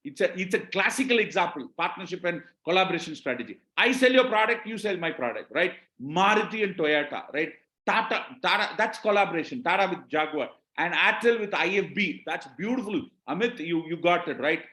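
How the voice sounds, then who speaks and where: Indian-accented man coaching, high voice. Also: expressive, fairly quick, bright, forceful tone, roomy sound. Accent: Indian English. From Tamil Nadu, India. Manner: repetitive, checks in with the audience. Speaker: business trainer. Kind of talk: live webinar talk.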